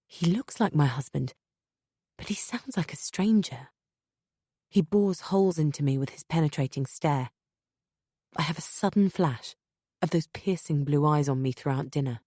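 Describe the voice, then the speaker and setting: Low-voiced woman narrating an audiobook. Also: mellow, husky, dry recording, studio quality. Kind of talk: first-person audiobook narration.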